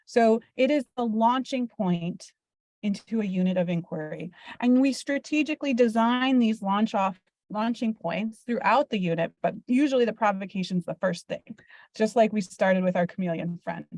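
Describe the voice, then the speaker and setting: A woman's voice: medium pitch, normal speed, a little mellow, no room sound. Teacher woman with a dry, close sound. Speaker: elementary school teacher presenting to parents. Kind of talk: explanatory presentation. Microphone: video call.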